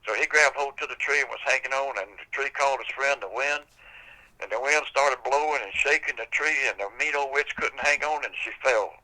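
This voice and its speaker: Bright-voiced older man telling a folk tale. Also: mid-range voice, a little fast, rough recording. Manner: folksy, casual, drawling storytelling. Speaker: storyteller.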